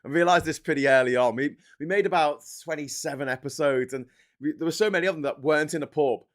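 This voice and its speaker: A man's voice: a little high, fast talker. A man hosting a casual live stream, ranting sarcastically and mocking people in whiny put-on voices. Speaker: livestream host.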